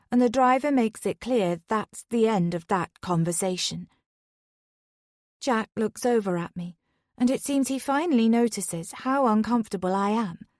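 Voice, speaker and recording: A woman reading a first-person thriller audiobook in a steady, even way. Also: mid-range voice, no echo, studio quality. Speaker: audiobook narrator.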